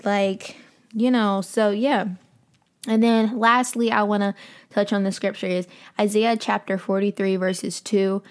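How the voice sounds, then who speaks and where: A woman hosting a faith podcast, giving a heartfelt devotional talk and praying aloud in a soft, fervent voice that sinks to a near-whisper. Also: mid-range voice, level tone, measured pace, clean tone. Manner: fervent, heartfelt, with casual fillers; drops to a hushed near-whisper in prayer.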